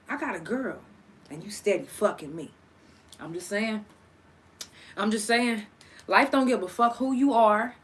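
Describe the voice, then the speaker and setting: A woman's voice: on the high side, measured pace. A young woman hosting a casual solo podcast, cursing freely and talking straight to her listeners. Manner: profane, animated, talks to listeners directly. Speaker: podcast host.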